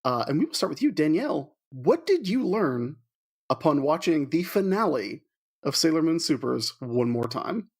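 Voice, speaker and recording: A man's voice: on the high side, big pitch swings, normal speed, breathy edge. A man with a Southern US accent co-hosting a podcast in casual chat, teasing and giggly. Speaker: podcast co-host.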